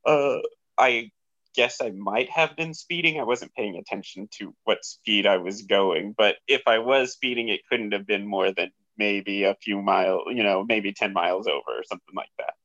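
A man's voice: fairly low pitch, moderate pace, bright, forceful tone, dry recording, dull audio. A man who is a podcast guest, telling a story in a laid-back, rambling way with fillers. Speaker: podcast guest, best friend. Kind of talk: casual storytelling.

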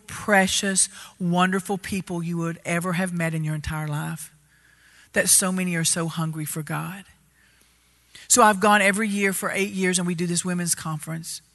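A woman telling a story in a sermon, animated and loud, getting louder as she gets excited. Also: on the low side. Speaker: preacher. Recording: reverberant hall.

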